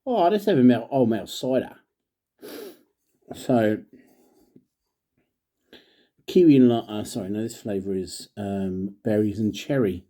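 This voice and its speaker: A middle-aged man talks casually as he reviews drinks, rambling through jokey asides and muttered half-sentences. His voice sits fairly low, with a mellow, dark tone and a husky edge. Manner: mutters and trails off. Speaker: father. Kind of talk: casual chat to camera.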